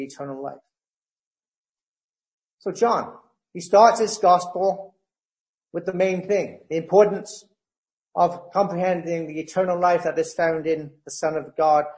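Man, sermon, fairly high voice, emphatic scripture reading, slow verse references. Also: fairly even intonation, darkish tone, rough recording. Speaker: preacher.

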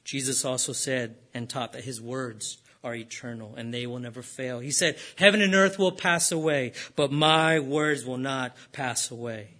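A man preaching a sermon in an earnest way, rising for emphasis and then dropping low and slow. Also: bright, forceful tone.

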